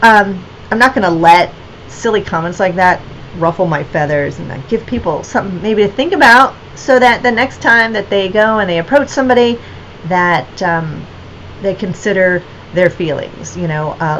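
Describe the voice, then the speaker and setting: A woman's voice: fairly low pitch, fairly bright tone, slight background noise, rough recording. A woman artist and gallery owner chatting casually on her livestream, rambling with lots of fillers and restarts.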